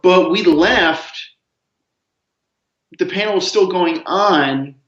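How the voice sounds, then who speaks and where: Man, comics writer guest, rambling, jokey, high voice, roomy dull lo-fi sound. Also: slow. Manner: rambling storyteller, animated jokes. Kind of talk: casual interview chat.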